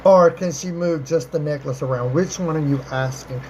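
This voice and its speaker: A chatty, affectionate host running a live stream, calling viewers darling and baby. Speech wanders and repeats, with sudden upward leaps in pitch on greetings, around a mid-range voice. Faint noise sits under the voice. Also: normal speed, darkish tone, rough recording. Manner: chatty, repeats and rephrases, with swooping pitch jumps. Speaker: livestream host answering viewer questions. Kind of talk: casual live-stream chat.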